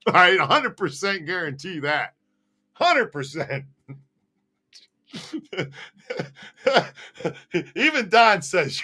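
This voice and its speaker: A man's voice: fairly high pitch, big pitch swings, extremely slow, long pauses, pushed and bright. A man co-hosting a casual live-stream chat, joking around and laughing often. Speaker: co-host.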